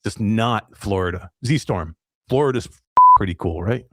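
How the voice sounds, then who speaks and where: A man hosting a casual tech podcast chat, ranting in an animated way and laughing often. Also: lowish voice, unhurried, dry recording, studio quality. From New York. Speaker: podcast host.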